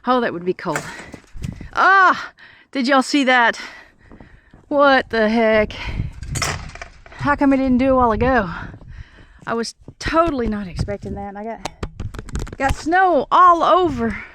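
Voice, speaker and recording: On a tripod-filmed clip from her snowy farm, a breathless homesteader chats while feeding her animals. She speaks at a normal speed in a fairly high voice, with a little hiss or hum in the recording. She thinks aloud and talks to the animals as she narrates her chores.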